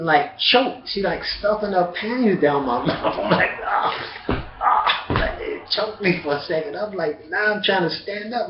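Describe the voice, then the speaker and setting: A man telling a profane, animated stand-up story that builds to loud outbursts. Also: high voice. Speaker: stand-up comedian. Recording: roomy, dull sound with faint ambience.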